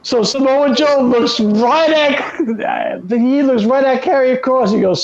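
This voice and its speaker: A man co-hosting a wrestling podcast, recapping shows in animated, profane storytelling. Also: very high-pitched, takes it slowly, gravelly, few pauses, highs cut off. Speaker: podcast co-host. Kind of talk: casual wrestling chat.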